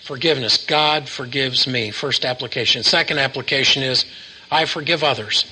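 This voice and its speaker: A man's voice: mid-range voice, moderate pace, bright, forceful tone, breathy edge, poor audio. A man preaching a sermon to a live congregation, asking questions and having them repeat lines back to him.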